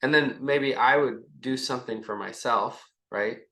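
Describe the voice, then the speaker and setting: A man's voice: mid-range voice, normal speed, sharp tone. A man as a podcast guest, talking loosely and rambling, acting out little bits of dialogue between himself and his partner. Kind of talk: casual conversation. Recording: echoey room.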